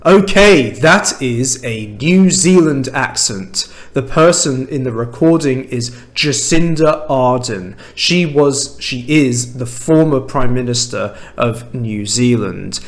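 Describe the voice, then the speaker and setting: Man, southern British accent, English teacher, slow clear explanations, mid pitch. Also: lively intonation. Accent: standard southern British. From England. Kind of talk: language lesson to camera.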